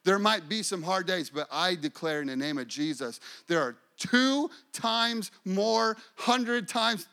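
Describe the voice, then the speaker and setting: A man's voice: a little high, fairly bright tone. A man preaching a sermon, repeating phrases and telling a personal story. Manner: repetitive, declaring, testimony-telling. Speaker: pastor.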